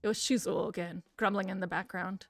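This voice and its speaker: Woman with a soft soothing reading voice. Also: mid-range voice, steady tone, fairly quick, no room sound. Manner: casual, swearing asides. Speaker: streamer reading a game aloud. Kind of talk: reading a visual novel aloud with chat.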